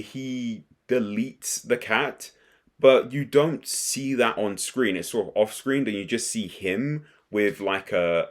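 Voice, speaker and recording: Rambling young man recapping anime. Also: lowish voice. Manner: rambling, excitable, frequent restarts. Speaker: anime commentator. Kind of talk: casual recap and reaction.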